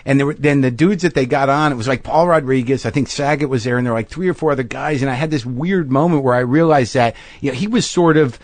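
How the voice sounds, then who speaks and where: A man hosting a casual interview chat, musing loosely and backing his guest with steady agreement. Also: medium pitch, quick pace, hardly any pauses, no room sound. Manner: frequent yeahs, loose profane musing. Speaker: podcast host.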